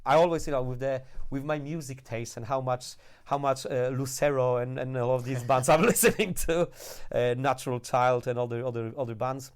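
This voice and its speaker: A man, a podcast guest, telling lively, swear-laced stories with frequent laughs. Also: medium pitch, moderate pace, hardly any pauses, clean tone. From Ukraine. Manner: animated storyteller, swears, laughs often. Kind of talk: casual podcast chat.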